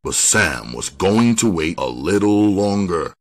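A man narrates a crime novel in a very deep, husky voice. He reads at an unhurried, deliberate pace, letting each line settle. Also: expressive. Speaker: audiobook reader. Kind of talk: scripted narration.

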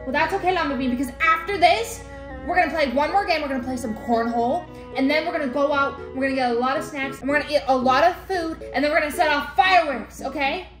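A young woman vlogging, playfully talking to her toy llamas and cheering them on in a bubbly, animated way. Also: high voice, fast. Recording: echoey room with music behind.

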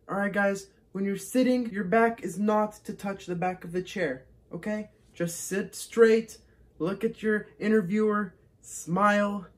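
A young man in his twenties vlogging and giving interview tips to viewers, chatty and upbeat. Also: fairly high pitch. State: hoarse, losing his voice. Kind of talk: casual vlog and advice.

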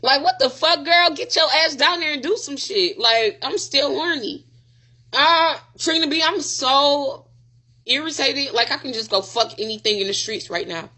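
Young adult woman streamer, high bright voice, profane rambling vent. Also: moderate pace. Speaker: live streamer. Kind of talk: casual livestream venting.

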